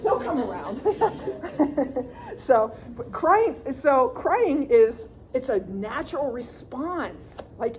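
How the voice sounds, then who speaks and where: A middle-aged woman leads a conference workshop on grief, her voice warm and mellow but swinging widely in pitch. She talks in a chatty, lively way, laughing and tossing "right?" to the room. A faint hum of room noise sits under her. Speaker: grief counselor presenter.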